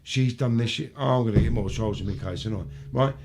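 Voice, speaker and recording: A man hosting a live-streamed talk show, ranting and swearing nonstop and slipping into high mocking voices when he quotes people. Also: fast talker, gravelly. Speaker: show host.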